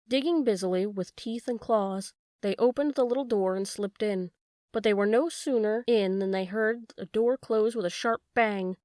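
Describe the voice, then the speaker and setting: A woman reading a children's story aloud as an audiobook narrator in steady scripted narration. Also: medium pitch, normal speed, dry recording, studio quality.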